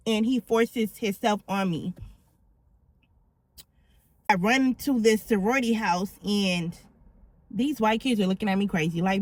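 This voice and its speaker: A woman's voice: medium pitch, measured pace, pauses often. A middle-aged woman vlogger telling her own story in a candid, blunt and slangy way. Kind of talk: confessional storytelling.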